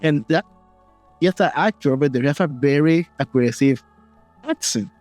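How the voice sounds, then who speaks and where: A male interview host, a native Spanish speaker, asking questions in halting, broken phrasing. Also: a little high, a little mellow, dry recording, soft background music. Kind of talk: casual interview.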